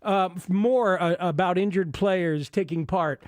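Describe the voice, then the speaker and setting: Male radio host, high voice, dry studio sound, excitable. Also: measured pace, no echo. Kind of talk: sports talk radio chat.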